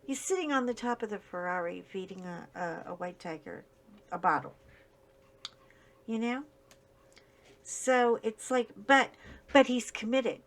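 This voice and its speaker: Chatty woman telling stories, animated. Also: fairly high pitch, unhurried, pauses often. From United States. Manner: chatty storyteller, animated, wandering asides. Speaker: host. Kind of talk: casual chat while coloring.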